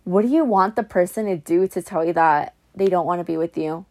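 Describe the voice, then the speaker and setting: A woman's voice: on the low side, fairly quick, vocal fry, warm tone. A young woman vlogging heartfelt advice about letting go after a breakup, earnest and repetitive, calling the listener honey. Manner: earnest, repeats phrases for emphasis, calls listener honey. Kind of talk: emotional pep talk to camera.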